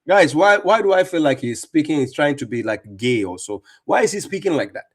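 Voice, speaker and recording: A man's voice: on the high side, animated, a little fast. A man hosting a live stream, commenting on clips and talking to viewers in a mocking, insistent way with lots of repetition. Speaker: livestream host reacting to clips.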